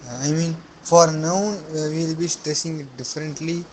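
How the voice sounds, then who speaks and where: Male student, slightly high voice, hesitant, polite, faint background noise. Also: steady tone, moderate pace, a little mellow, low-quality recording. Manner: polite and hesitant, addresses teacher as sir. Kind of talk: classroom question.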